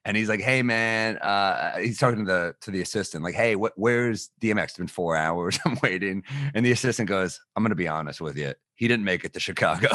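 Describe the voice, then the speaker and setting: A man co-hosting a podcast, telling a lively anecdote in casual chat and swearing freely. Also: low-pitched, a little fast, few pauses, dry recording, studio quality. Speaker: podcast co-host.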